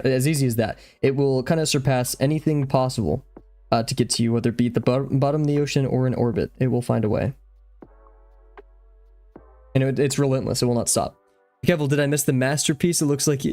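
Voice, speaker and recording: A man's voice: mid-range voice, darkish tone. Young adult male streamer, out of breath, rambly and distractible, casual chat over faint background music. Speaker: drawing live-streamer.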